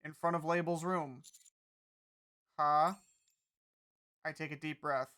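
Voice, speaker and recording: A streamer reading a visual-novel game story aloud with a steady, plain delivery. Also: medium pitch, slow.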